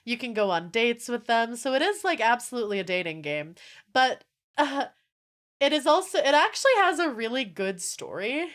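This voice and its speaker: A young adult woman chatting casually on a live stream, animated and swearing freely, with frequent laughter. Her voice sits a little high and swings widely in pitch, and she keeps an easy, chatty flow. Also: normal speed.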